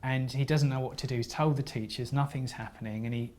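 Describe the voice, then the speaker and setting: A man's voice: mid-range voice, fairly even intonation. Earnest man giving a seminar talk. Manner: earnest, halting, with frequent restarts; gently apologetic. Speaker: seminar speaker.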